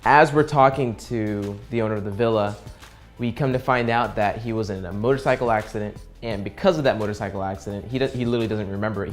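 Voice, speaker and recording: A young man vlogging about a trip, telling the story earnestly and acting out what people said. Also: lowish voice. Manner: earnest, animated storyteller who acts out quoted dialogue. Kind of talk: casual travel vlog storytelling.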